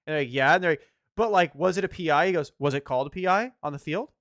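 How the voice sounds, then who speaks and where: A young man in casual sports chat, animated and swearing as he rants about football. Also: a little high, fast, no room sound, studio quality. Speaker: podcast co-host.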